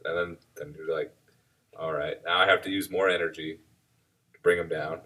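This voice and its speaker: Male co-host, very low and husky, thoughtful and measured; slightly distant mic. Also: steady tone, sharp tone. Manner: thoughtful, reflective, speaks in measured phrases. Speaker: martial arts instructor, podcast co-host. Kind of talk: casual chat.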